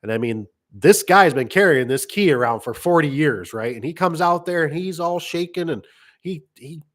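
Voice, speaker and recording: A man's voice: a little high, animated, normal speed, a bit bright. A middle-aged man who runs a garage door business, telling rambling work stories in casual chat. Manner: rambling, acts out customer voices. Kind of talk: casual storytelling monologue.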